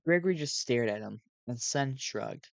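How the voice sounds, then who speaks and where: A man's voice: medium pitch, animated, moderate pace, creaky, no echo. A sleep-deprived man reading a fan story aloud on a cheap home mic, often stumbling and correcting himself. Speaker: fan reader. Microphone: cheap home microphone.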